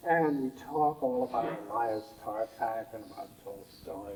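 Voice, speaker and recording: A man's voice: medium pitch, unhurried, darkish tone, slight background noise, rough recording. A man recounting his travels in a rambling oral history interview, with frequent fillers and chuckles. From United States.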